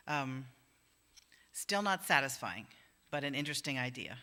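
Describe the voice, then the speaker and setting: A woman's voice: extremely low pitch, lively intonation, normal speed, pushed and bright. A woman minister giving a conversational sermon in a church, acting out the voices she quotes. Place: church sanctuary.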